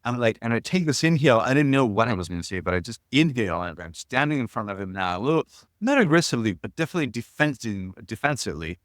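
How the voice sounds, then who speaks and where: A man's voice: medium pitch, very animated, fast talker, hardly any pauses, no echo, clean studio sound. A man in his sixties telling personal stories as an interview guest, earnest and reflective, often restarting his sentences. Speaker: guest, shamanism teacher.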